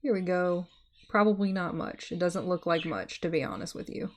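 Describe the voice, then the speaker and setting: A young woman streamer hosting writing sprints, talking softly and chatting casually with her viewers. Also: on the low side, lively intonation, normal speed. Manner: soft-spoken, chatty, friendly with chat.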